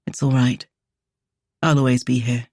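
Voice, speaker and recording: Tender, soft-spoken duke, lowered and a little husky, dry close sound as a woman reads him. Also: steady tone, moderate pace, no room sound. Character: gentle devoted male duke, soft-spoken. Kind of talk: audiobook character voice.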